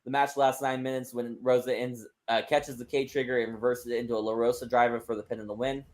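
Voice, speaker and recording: A man's voice: mid-range voice, little pitch movement, fast talker, a little mellow. A man hosting a wrestling podcast, casually narrating a made-up wrestling storyline with his friends.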